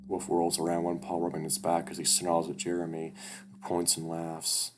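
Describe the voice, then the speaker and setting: A man with a very low voice reads a visual novel aloud in a loose, casual manner. He swears freely and drops in his own asides, with music playing clearly in the background. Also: completely flat delivery, moderate pace.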